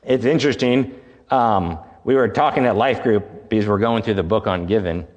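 A lower-voiced man preaches in a church sanctuary, and the long reverb of the hall hangs behind his words. His style is conversational, with rhetorical questions he answers himself. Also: moderate pace, muffled recording. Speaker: pastor. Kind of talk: sermon.

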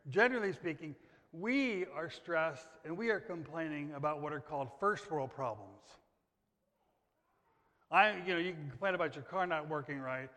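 A fairly high-voiced American man preaching in a church, his words trailing into a long hall reverb. He leans on repetition and swings from quiet to sudden loud bursts. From United States. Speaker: pastor. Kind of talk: sermon. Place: church sanctuary.

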